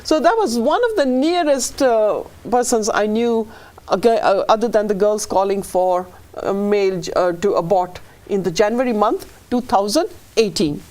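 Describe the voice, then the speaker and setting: A woman's voice: mid-range voice, normal speed, darkish tone. Brief: middle-aged woman, fertility practitioner guest, earnest and emotional, rambling delivery, mid-range voice. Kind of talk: conversational interview.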